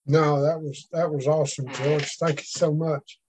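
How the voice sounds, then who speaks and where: A man leads a church group's sharing time with a husky, slightly rough voice. He affirms each speaker warmly in his words and keeps inviting the next one. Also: on the high side, flat delivery, normal speed. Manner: encouraging, affirming. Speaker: prayer group leader.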